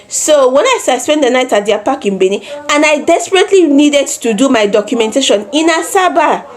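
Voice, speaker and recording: A Nigerian woman in her twenties telling a personal story in a vlog, animated, with repeated phrases and acted-out quotes. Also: high-pitched. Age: 20s. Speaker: vlogger.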